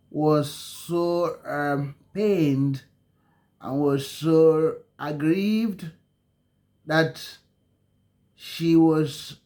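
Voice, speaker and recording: A man telling a story in a halting way, with many ums and self-corrections and slow dramatic phrasing. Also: a little high, a little mellow. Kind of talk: spoken storytelling.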